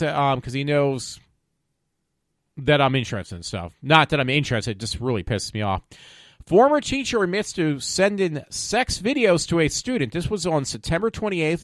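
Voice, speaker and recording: A man's voice: mid-range voice, no echo, studio quality. Rambling profane man reading news. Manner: rambling, stumbling over words while reading aloud; profane and opinionated. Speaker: podcast host. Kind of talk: casual commentary reading news stories.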